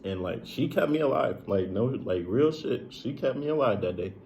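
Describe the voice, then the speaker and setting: Over slight background noise, a man with a mid-range, somewhat mellow voice and lively intonation speaks at a normal speed. He recounts something painful from his life casually and emotionally, swearing and filling it with "like" and frequent "bro."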